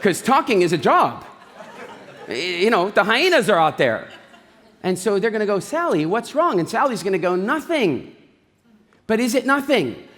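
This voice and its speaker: A man giving an animated, jokey talk on stage, telling stories with voiced asides. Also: high-pitched, moderate pace. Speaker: speaker. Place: large event hall. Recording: reverberant hall.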